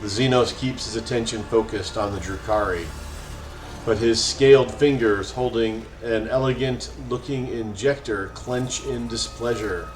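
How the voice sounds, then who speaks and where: A man's voice: mid-range voice, steady tone, a little slow. A man hosting a let's play, casually reading game text aloud with his own asides. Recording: roomy echo, faint music.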